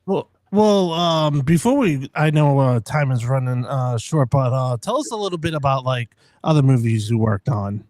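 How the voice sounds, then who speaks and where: A man's voice: mid-range voice, expressive, darkish tone, no echo. Hesitant male host with a dry voice. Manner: hesitant, halting questions. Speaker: interview host. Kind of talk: casual interview questions.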